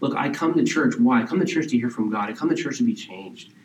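A man's voice: mid-range voice, expressive, fast talker, reverberant, recorded from a distance, slight background noise, rough recording. A male pastor preaching a sermon in a conversational way, asking the congregation questions and doing mocking impressions now and then. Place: church sanctuary.

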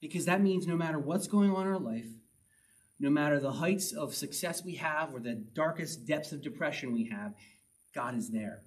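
A man's voice: a little high, normal speed, distant mic, rough recording. A man preaching a sermon in a conversational way, reading scripture aloud and repeating his key points for emphasis. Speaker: pastor.

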